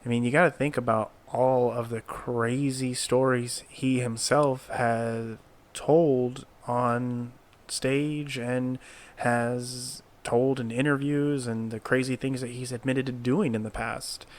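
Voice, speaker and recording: A man narrating a commentary video in a measured, deliberate way. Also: mid-range voice, level tone.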